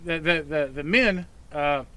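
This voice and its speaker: A man's voice: fairly high pitch, a little slow, bright, forceful tone. An American man answering street interview questions in a laid-back, blunt way. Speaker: passerby interviewee. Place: outdoors on a street.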